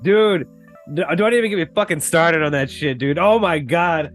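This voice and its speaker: A young man hosting a casual podcast, his voice sitting a little high for a man. He tells loose, profane stories and laughs often, with faint music behind him. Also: normal speed. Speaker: podcast host. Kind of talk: casual chat.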